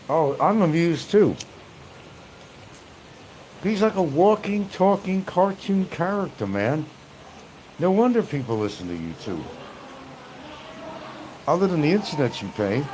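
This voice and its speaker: A man's voice: on the high side, a little mellow, a little hiss or hum. A man hosting a livestream, chatting casually with his viewers in a loose, profane, rambling way. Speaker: livestream host reading chat.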